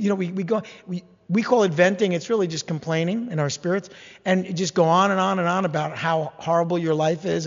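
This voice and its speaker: A man preaching a sermon, animated and humorous, slipping into mock-whining voices as he acts out complaints. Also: high-pitched, brisk, long reverb tail, lo-fi sound. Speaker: pastor.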